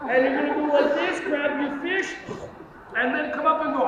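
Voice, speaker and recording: A man leading a live fitness workshop for teachers, energetic and joking as he coaches the group through movements. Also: extremely high pitch, moderate pace, over a noisy crowd. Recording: echoey hall, distant lo-fi mic, noisy.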